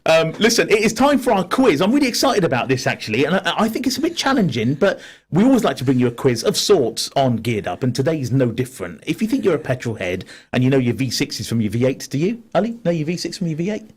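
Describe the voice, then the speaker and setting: A man co-hosts a casual radio show from a studio mic. His voice is a little husky, and his pitch rises and falls widely. He stays upbeat and laughs often between listener messages. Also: sing-song, fast talker.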